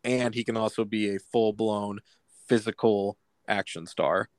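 A man's voice: on the low side, steady tone, a little slow, no echo. A man hosting a podcast in casual chat, steering the talk from topic to topic. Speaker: podcast host.

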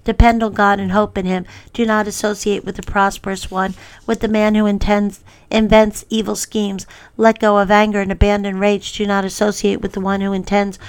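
A woman reads psalms aloud in an even, steady voice. Her tone is smooth and clear, and her pitch barely moves from line to line. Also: moderate pace. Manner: steady reading with occasional fillers.

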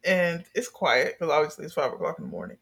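A young adult in a casual chat, telling a story with lively energy and plenty of swearing. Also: medium pitch, fast talker, creaky, breathy edge. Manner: animated storyteller, swears freely.

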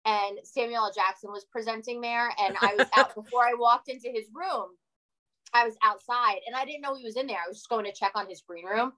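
A woman in her forties, a podcast guest telling animated stories and swearing freely. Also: a little high, brisk, poor audio. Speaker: guest, former reality TV cast member. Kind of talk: casual podcast chat, storytelling.

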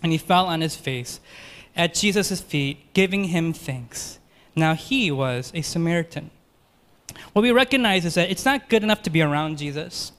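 A man preaching a sermon, earnest and rhetorical, moving between quick runs and slow, emphatic phrases. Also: a little high, animated, a bit bright.

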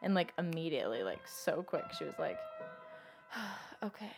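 A young woman telling her own story in casual chat, filling nearly every phrase with "like" and swinging between loud and hushed. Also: low voice, sing-song, measured pace, vocal fry, over music.

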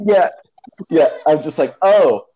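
A man's voice: mid-range voice, normal speed, a little mellow. A man from the Midwest hosting a podcast in casual chat, chatty and laughing often. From American Midwest. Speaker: podcast host. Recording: slightly dull lo-fi sound.

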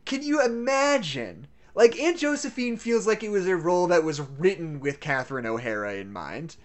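A woman co-hosting a casual movie chat, animated, laughing often and swearing freely. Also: lowish voice, normal speed. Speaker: podcast co-host.

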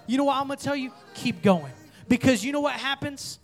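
A young man preaching to a youth group, playful and joking with the crowd, then rising to energetic calls for response. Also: very high-pitched, brisk, soft background music. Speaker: youth pastor. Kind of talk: sermon.

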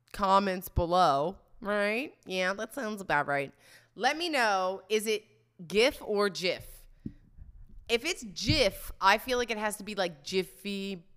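A woman's voice: mid-range voice, fairly bright tone. Candid, chatty young woman podcast host. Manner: candid, chatty, laughs often. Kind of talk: casual confessional storytelling.

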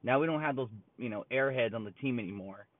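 A man's voice: medium pitch, fast. Male sports talker, casual blunt rambling delivery, lo-fi phone-line quality. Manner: rambling, blunt, frequent fillers and restarts. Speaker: sports commentator. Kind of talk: casual sports opinion rant. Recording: tinny phone-like sound, dry.

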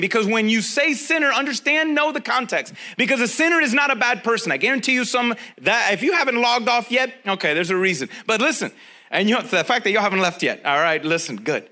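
A man's voice: sits high, bright, forceful tone. A man preaching a sermon as a pastor, talking straight to his listeners in a conversational way and driving points home with repetition.

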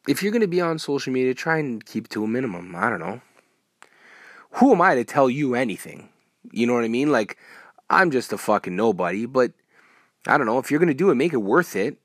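A man hosting a solo podcast, ranting in a profane, rambling way with sudden loud outbursts. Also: mid-range voice, very animated, brisk, dry recording, studio quality. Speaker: podcast host.

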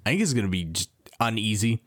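A man's voice: fairly low pitch, big pitch swings, quick pace, fairly bright tone. Podcast guy, dry jokey, kinda unsure, casual chat. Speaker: podcast co-host.

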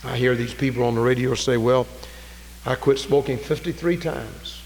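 A man preaching a sermon, fervent, swinging from loud raised cries to low, quiet storytelling. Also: moderate pace, long reverb tail, a little hiss or hum, poor audio. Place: church.

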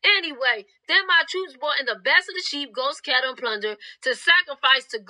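Young woman, preacher, fervent sermon, high voice, very bright tone. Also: animated, moderate pace, low-quality recording. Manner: fervent, preachy, retells scripture in her own words.

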